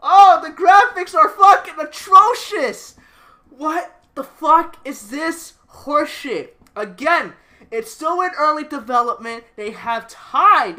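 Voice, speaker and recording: A woman's voice: high-pitched, sharp tone. A woman ranting in a profane video game reaction, swearing constantly and breaking into laughter. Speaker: gaming video creator.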